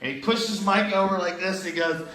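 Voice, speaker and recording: A man's voice: sits high, steady tone, a little fast, bright, forceful tone, echoey room, slight background noise. A man co-hosting a casual podcast chat, profane and laughing along. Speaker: podcast co-host.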